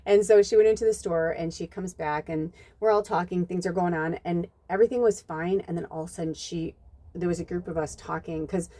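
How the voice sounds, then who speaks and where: A woman, a psychic medium, telling a story in a rambling, casual way, full of fillers and acted-out quotes. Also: fairly quick. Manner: animated, rambling, heavy use of "like" and "you know"; acts out quotes with jumps in pitch. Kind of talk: casual spoken storytelling in a reading video.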